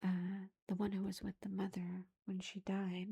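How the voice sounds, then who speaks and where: A woman whispering her way through an ASMR book review, her voice almost all breath with a gravelly edge. The tone is dark and mellow as she rambles through the plot, leaning on "like" and "you know" between thoughts. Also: mid-range voice, monotone, moderate pace. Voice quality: unvoiced whisper.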